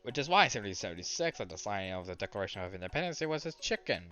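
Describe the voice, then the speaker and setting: A man's voice: big pitch swings, very fast, dull audio, soft background music. A man voicing a fussy, tiny-legged female teacher creature in a game. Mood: lecturing. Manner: flustered, high and loud.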